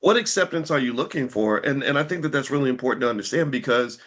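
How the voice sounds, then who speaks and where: A man talking straight to his viewers in unscripted commentary, animated and rhetorical, piling up pointed questions and restarting his words as he goes. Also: mid-range voice, fast talker.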